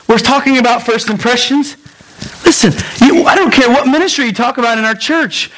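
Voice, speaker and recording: A man pastor preaching a sermon in a lively storytelling way, acting out voices and making quick asides. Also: extremely high pitch, a little hiss or hum, poor audio.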